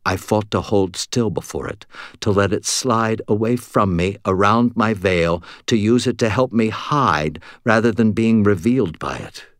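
Deep-voiced male audiobook narrator. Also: measured pace, few pauses, dry recording, studio quality. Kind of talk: first-person scripted narration.

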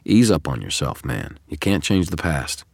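Audiobook: knowing male double, wry and coaxing, very deep, dry, as a man reads him. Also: sing-song, moderate pace, creaky, a little mellow, dry recording, exaggerated voice. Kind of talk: audiobook character reading.

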